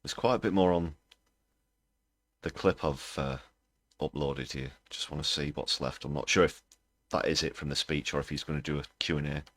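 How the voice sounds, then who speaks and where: A man with a very deep voice hosts a livestream of political commentary. He talks in a sarcastic, scornful way. The recording is dry and close, with no room sound. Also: fairly even intonation, moderate pace, dry recording. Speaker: livestream host.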